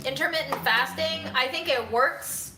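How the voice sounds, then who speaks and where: A woman's voice: sits high, unhurried, roomy sound, music in the background, rough recording. A woman hosting a casual livestream from home, chatting and ranting to her viewers. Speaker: livestream host.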